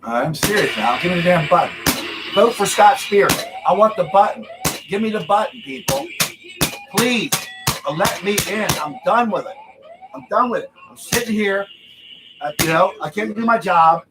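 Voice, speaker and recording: A man's voice: sits high, animated, moderate pace, over loud music, poor audio. A man hosting a drinking livestream, ranting angrily and repeating himself, tagging his points with "okay?". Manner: angry, repetitive ranting, keeps tagging "okay?". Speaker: livestream host. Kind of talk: drinking-show rant. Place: home studio.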